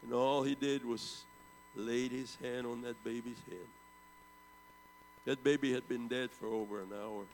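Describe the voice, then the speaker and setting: In this storytelling sermon, a gravelly-voiced preacher in his seventies keeps a steady tone and a measured pace. His delivery climbs to loud bursts and falls to quiet low tones, each phrase followed by a long echo through the hall, over slight background noise.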